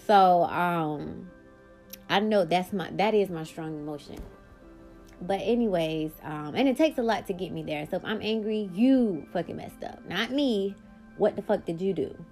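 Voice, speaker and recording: A woman's voice: lowish voice, moderate pace, a little mellow, faint music behind. Blunt, cursing woman podcaster. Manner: blunt and profane, emphatic bursts. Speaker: podcast host. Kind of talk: candid personal storytelling.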